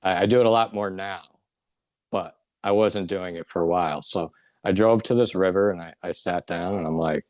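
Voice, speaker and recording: A man's voice: low voice, normal speed, dry recording. A middle-aged man earnestly recounting a personal spiritual experience as an interview guest. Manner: earnest, emotional storytelling. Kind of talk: personal testimony.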